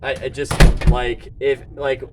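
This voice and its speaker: A man filming himself at a shelter door, speaking haltingly and repeating words, then venting with growing agitation. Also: mid-range voice, level tone, heavy background noise. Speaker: person seeking shelter. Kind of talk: filmed confrontation and venting.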